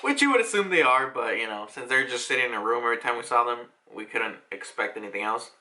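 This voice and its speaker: Young male reaction host, lively swinging pitch, bright edge, casual and cussing, breaks into quick mock voices. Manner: animated, profane, jumps into excited mock voices of the characters.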